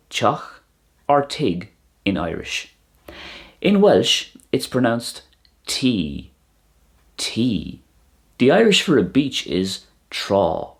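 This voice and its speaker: A man teaching a language lesson, who speaks slowly and deliberately and says each word twice so learners can catch how it sounds. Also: fairly low pitch.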